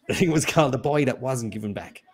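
A man co-hosts a live quiz stream in casual, rambling chat. He teases his partner and often restarts his sentences. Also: mid-range voice. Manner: teasing, rambling, many restarts. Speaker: quiz show co-host.

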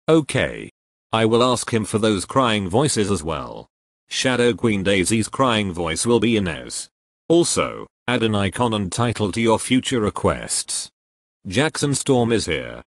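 This is a text-to-speech engine voicing a man with a lowish register who reads joke error messages in a flat, machine-even way. The sound is close and completely dry, with no room around it. His delivery keeps a steady synthetic evenness throughout. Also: no room sound. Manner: flat, evenly paced computer voice.

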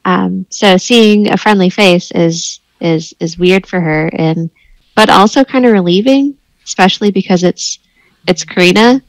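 A woman playing a tabletop role-playing game, describing and speaking as her character in a halting, easygoing way. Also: medium pitch, dry recording, poor audio. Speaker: player.

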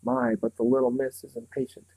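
A man reading a storybook aloud, voicing a smooth, menacing male villain who speaks blandly and condescendingly. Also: mid-range voice, flat delivery, warm tone, slight background noise, lightly acted, low-quality recording. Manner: bland, condescending, slow and patronizing.

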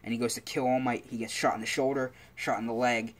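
A man's voice: mid-range voice, level tone, fast. A man telling a story casually, rambling along with lots of fillers and restarts.

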